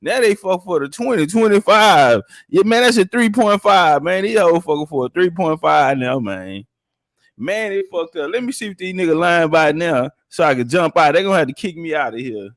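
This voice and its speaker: A man's voice: on the high side, lively intonation, normal speed, no echo. A man telling profane stories in casual chat and acting out the people he quotes. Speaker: podcast guest. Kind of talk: casual storytelling.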